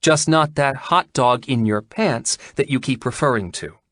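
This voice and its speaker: A man voicing a prim, exasperated young woman doctor in an audiobook, with a crisp, scolding manner. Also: medium pitch, unhurried, fairly bright tone, no room sound, clean studio sound, voice pushed up, lightly acted. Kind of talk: audiobook character reading.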